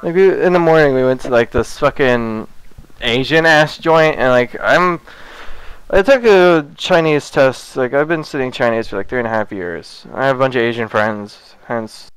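A man's voice: mid-range voice, normal speed, clean tone, no echo, poor audio. A young man rambling through a funny personal story in casual, profane storytelling, laughing between phrases. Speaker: vlogger.

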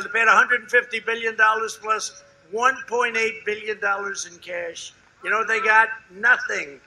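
Older male rally speaker: brassy, very bright voice, pitched fairly high, boastful and repetitive, with loud shouted peaks and quiet asides. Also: poor audio. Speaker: politician at a campaign rally. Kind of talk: rally speech. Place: outdoor rally before a large crowd.

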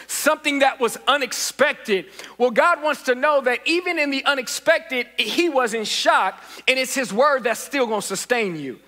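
A man's voice: very high voice, sharp tone. A man preaching a sermon as pastor, building repeated refrains and calling for the congregation to answer back. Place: church sanctuary. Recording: reverberant church hall.

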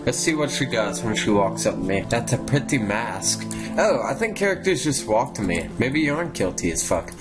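A young man doing let's play commentary, profane and excitable, swinging between low mutters and sudden high yelps. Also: moderate pace, music in the background. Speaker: gaming YouTuber.

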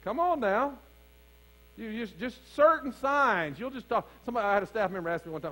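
A man preaches to his congregation in a higher register, leaning into calls and challenges as the fervor builds. A faint mains hum sits under his voice in the church. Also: expressive, brisk, fairly bright tone, low-quality recording. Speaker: pastor. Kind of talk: sermon. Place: church sanctuary.

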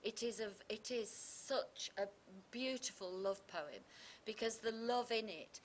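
A woman's voice: on the high side, unhurried, slight background noise. A woman English teacher, explaining poetry terms with confidence and leaning on key words. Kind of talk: explanatory revision chat.

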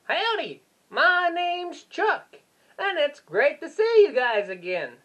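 A puppeteer voicing a cheery, high-voiced puppet character in a bright greeting manner. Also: sing-song, takes it slowly, highs cut off, heavily acted. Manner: cheery greeting, a bit breathless.

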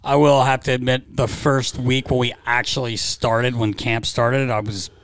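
A man co-hosting a podcast, telling stories in a relaxed casual chat and mimicking the people he talks about. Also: mid-range voice, normal speed, slight background noise. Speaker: podcast co-host.

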